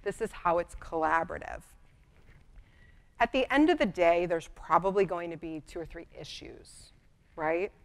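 A middle-aged woman attorney giving a lively, conversational conference talk, acting out bits of dialogue. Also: fairly low pitch, normal speed, vocal fry. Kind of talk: conference presentation. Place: conference room.

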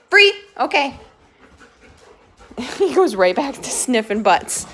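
A woman's voice: high voice, sing-song, takes it slowly, long pauses, fairly bright tone. A tired woman hosting a casual home livestream, chatting with viewers and breaking off to give firm commands to her dogs, recorded on a handheld phone. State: tired and a little dizzy. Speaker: pet channel host doing a livestream. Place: messy room at home, indoors.

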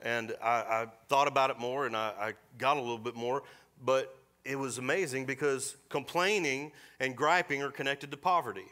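A middle-aged man preaching a sermon in a church, folksy and storytelling, slipping into quick voiced asides. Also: medium pitch, steady tone, sharp tone. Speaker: pastor. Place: church sanctuary.

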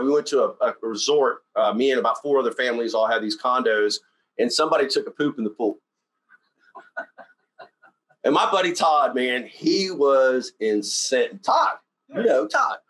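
A man talks through a casual motivational training session. His voice sits a little high for a man, and he comes across as blunt and animated, rambling from one story to the next. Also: low-quality recording. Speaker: company CEO giving sales training.

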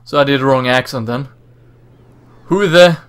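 A man's voice: mid-range voice, measured pace, smooth. A man casually commenting on his gameplay in a chatty way, reading dialogue aloud in voices. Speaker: let's play host.

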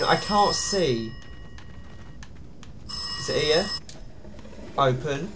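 A man's voice: mid-range voice, takes it slowly, pauses often, noisy background. A man giving nervous, jumpy commentary on a horror game, with sudden startled yelps. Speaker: gaming YouTuber.

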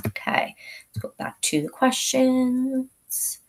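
A woman teacher giving a relaxed exam review, talking through events like a story and now and then acting out short quotes. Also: high-pitched, slow pace, noisy background. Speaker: history teacher. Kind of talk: casual exam review lesson.

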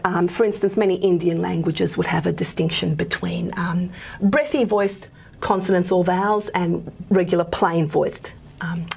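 A woman lecturer, possibly, explains a linguistics topic over a video call. Her voice is gravelly and a bit husky. She hedges and restarts often, filling pauses with "um.". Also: fairly low pitch. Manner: hesitant, many fillers and restarts. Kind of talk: recorded lecture.

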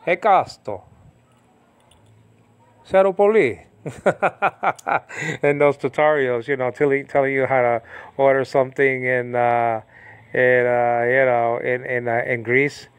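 A man's voice: medium pitch, flat delivery, moderate pace, clear, resonant tone, no room sound. A man giving an informal Bible lesson on Greek words, rambling and often asking the listener if they understand. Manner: rambling, repeats questions to listener. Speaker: Bible teacher.

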